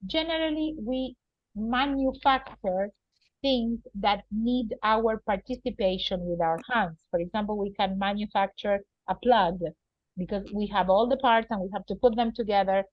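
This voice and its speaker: A woman's voice: medium pitch, moderate pace, no echo. Woman, patient English teacher; dry, muffled recording. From Argentina. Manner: patient, explaining words and checking with "right?". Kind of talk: teaching a vocabulary lesson. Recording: dull, lo-fi and dry.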